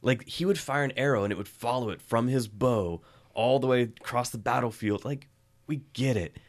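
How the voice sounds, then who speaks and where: A man's voice: medium pitch, moderate pace. A man co-hosting a film review podcast in casual chat, sarcastic and laughing often.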